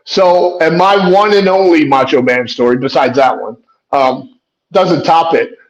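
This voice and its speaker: A man's voice: a little high, a little slow. A man guesting on a podcast, telling a wrestling story in a loose, rambling way. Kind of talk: conversational storytelling. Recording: slightly dull lo-fi audio.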